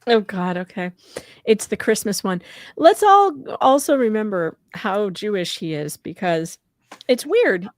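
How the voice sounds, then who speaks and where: Loud, playful woman on a live stream. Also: medium pitch, big pitch swings, no room sound, studio quality. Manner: loud, playful, mocking, quick to laugh. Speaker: co-host guest. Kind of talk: casual live-stream chat.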